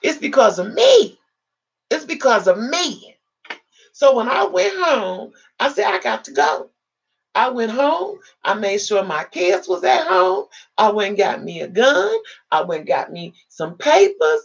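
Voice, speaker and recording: A woman's voice: fairly high pitch, unhurried, gravelly, breathy edge, dull audio. A woman hosting a live video, telling an emotional personal story to her viewers and acting out what people said. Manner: dramatic, animated retelling with acted-out quotes. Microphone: live video chat setup.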